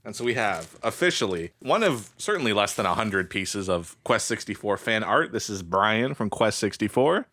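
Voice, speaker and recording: A male podcast co-host talks in a casual chat with a wry, self-mocking sense of humor. His voice sits fairly low, and the sound is dry and close. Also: expressive, moderate pace, few pauses, pushed and bright, no room sound.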